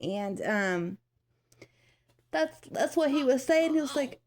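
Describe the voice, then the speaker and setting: A woman's voice: high-pitched, animated, slow pace, darkish tone. A woman in her thirties chatting casually to her viewers, rambling with many fillers and restarts and acting out what others said. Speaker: vlogger. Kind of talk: casual storytelling to camera.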